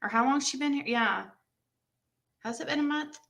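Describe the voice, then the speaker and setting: On her livestream, a young woman spins a story in relaxed chat, breaking off to react to viewer comments with animated outbursts. She speaks at a normal speed in a high-pitched, gravelly voice.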